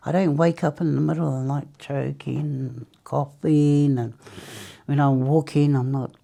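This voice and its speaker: Low-voiced chatty woman from New Zealand. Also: fairly even intonation, a little slow, gravelly, mellow. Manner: chatty, laughs often, acts out quotes in high voices. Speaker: interviewee, former smoker. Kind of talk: casual storytelling interview.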